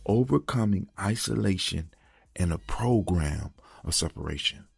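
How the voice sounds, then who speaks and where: A man's voice: low-pitched, lively intonation, unhurried, vocal fry, slightly rough. A man hosting a motivational talk, preacher-like, repeating mantras and dropping into whispers. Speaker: host.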